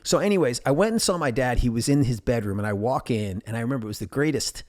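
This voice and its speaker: A man hosting a podcast, telling personal stories in a casual, animated way and acting out the voices of the people in them. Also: medium pitch, fast. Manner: animated, acts out quoted voices. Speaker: podcast host.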